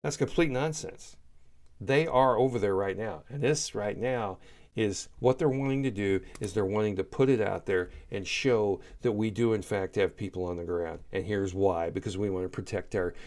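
Heated man ranting. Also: lowish voice. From United States. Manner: heated, emphatic, repeats himself. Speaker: political commentator. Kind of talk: opinionated solo commentary.

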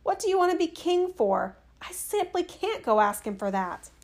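A woman's voice: very high voice, sing-song, normal speed, pitched above the performer's own voice, exaggerated voice. A woman doing a meek, reluctant fisherman. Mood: troubled. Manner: meek and hesitant. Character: timid reluctant old fisherman husband.

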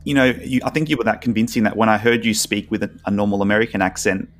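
A man hosting an interview, asking questions in a relaxed way with some hesitations. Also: lowish voice, fast. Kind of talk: casual interview.

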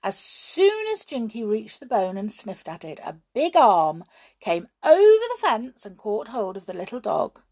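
Slow, lively woman reading a children's story. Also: a little high. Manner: expressive, animated, chatty asides.

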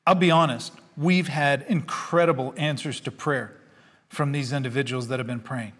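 A man's voice: mid-range voice, fairly even intonation, normal speed, fairly bright tone. A male pastor giving a sermon, earnest and conversational, rising to fervor when he reads scripture. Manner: conversational with fillers and repetitions. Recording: long hall reverb.

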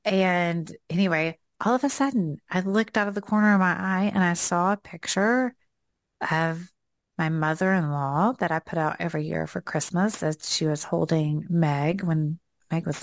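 Southern woman with a gravelly voice. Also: lowish voice, steady tone, normal speed, no echo, studio quality. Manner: chatty, rambling, with fillers and laughs. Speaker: podcast co-host. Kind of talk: casual faith podcast chat.

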